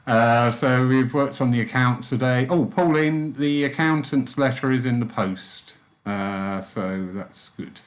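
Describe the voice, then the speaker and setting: A man leading a church group's guided meditation, then chatting casually with them in a gentle, soft-spoken way. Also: medium pitch, measured pace. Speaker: spiritualist church meditation leader.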